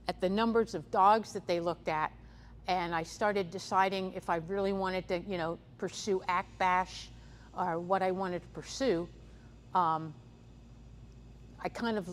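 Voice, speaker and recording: Low-voiced woman giving a seminar. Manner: conversational, frequent "um" fillers and restarts. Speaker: seminar speaker on livestock predators. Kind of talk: conference seminar talk. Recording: echoey hall, faint background noise.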